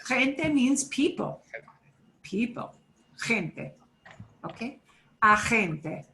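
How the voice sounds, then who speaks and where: An American woman leads a beginners' Spanish lesson at an unhurried pace. She says each word slowly and clearly so learners can repeat it, and a faint noise sits under her voice. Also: fairly high pitch, big pitch swings, sharp tone. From United States. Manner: slow, patient, repeats words for learners to echo. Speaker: Spanish teacher. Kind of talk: classroom pronunciation lesson.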